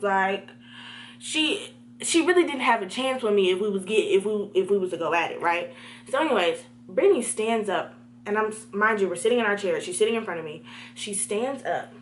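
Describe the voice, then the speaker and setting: Animated young woman telling a story. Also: mid-range voice, normal speed, a little hiss or hum. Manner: animated, talks to viewers directly. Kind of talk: storytime vlog.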